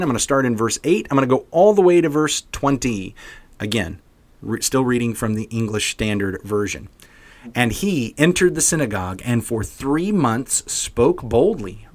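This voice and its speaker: A man co-hosting a Bible podcast, reading scripture expressively like a story for kids and chatting casually. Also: mid-range voice. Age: adult parent. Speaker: podcast co-host.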